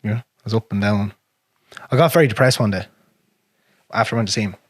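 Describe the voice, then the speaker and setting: Irish male podcast host, raspy, quick, blunt and profane, dry close sound. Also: on the low side, no room sound. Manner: frank and profane, drops to a near whisper on painful memories. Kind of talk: casual conversation.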